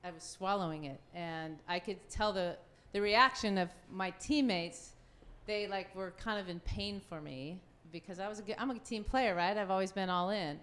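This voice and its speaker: Bright, animated woman telling stories on a panel. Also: mid-range voice, normal speed, few pauses. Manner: animated, laughs often, acts out quotes. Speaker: panelist, former goalkeeper. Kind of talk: storytelling on a live panel. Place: event venue.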